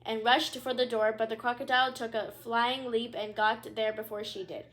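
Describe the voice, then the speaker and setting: A woman's voice: fairly high pitch, steady tone, normal speed, a bit bright. A young woman reading a children's book aloud, with chatty asides and small stumbles. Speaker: read-aloud storyteller.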